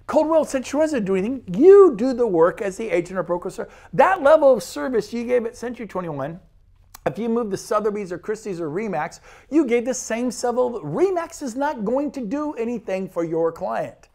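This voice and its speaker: A man's voice: very high voice, lively intonation, brisk, gravelly, darkish tone. A man giving an enthusiastic sales presentation about real estate, talking conversationally and acting out quotes.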